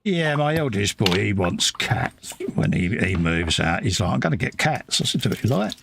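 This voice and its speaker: A middle-aged man hosting a relaxed live stream, easygoing and quick to laugh along. His voice is gravelly and swings widely in pitch, with faint background noise under it. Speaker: host. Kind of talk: casual chat on a live stream.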